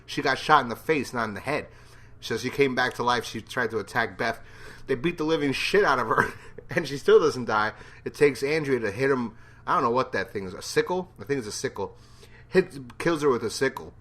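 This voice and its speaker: A man talks casually through a TV episode review, rambling and poking fun at himself. His voice is bright and forceful at an ordinary middle pitch. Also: normal speed. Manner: rambling, self-deprecating, jokey.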